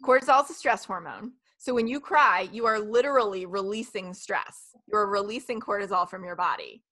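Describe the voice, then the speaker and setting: A woman in her thirties hosting a live stream, talking in a chatty, animated storytelling way. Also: mid-range voice, moderate pace. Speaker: host. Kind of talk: casual live-stream chat.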